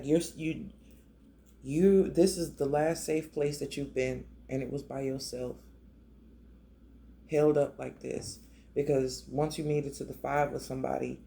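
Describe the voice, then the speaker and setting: A man's voice: medium pitch, creaky, warm tone, slight background noise. A man giving a casual, emotional tarot reading, talking conversationally with many restarts. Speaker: tarot reader.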